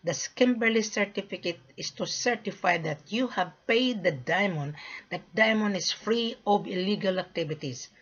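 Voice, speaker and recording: Husky woman with a lilt. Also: mid-range voice, normal speed. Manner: storytelling, acts out both sides of conversations; frequent throat clearing. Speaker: gold and diamond sales mandate. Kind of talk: casual monologue. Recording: dull lo-fi recording.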